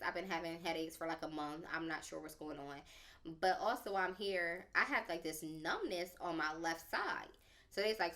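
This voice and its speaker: A young woman tells a personal story on a podcast in a casual, animated way, with a lot of slang. Her voice sits a little low but has a bright, forceful edge. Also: normal speed. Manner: animated and dramatic, slangy, lots of "like". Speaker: podcast speaker.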